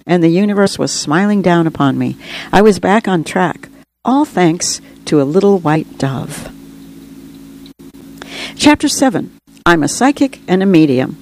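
A narrator reading a personal memoir aloud in an earnest, reflective, steady way. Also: mid-range voice, slight background noise, poor audio.

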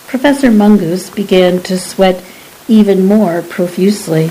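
A woman narrating a story in a measured audiobook reading. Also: mid-range voice, mellow, a little hiss or hum, low-quality recording.

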